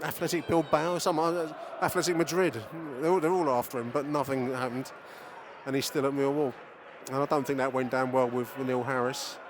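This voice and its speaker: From the outdoor stands of a football stadium, a middle-aged podcast host records casual, opinionated match commentary, chatting, swearing, and addressing his listeners directly. His mid-range voice is level and moderately paced, and the recording is full of crowd noise.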